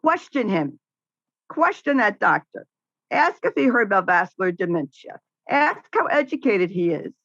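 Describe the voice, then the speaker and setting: A woman's voice: medium pitch, moderate pace, no room sound, dull audio. A middle-aged woman, a podcast guest, talking casually and outspokenly about caregiving, telling stories with laughs. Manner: outspoken, animated storytelling with laughs. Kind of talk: casual interview conversation.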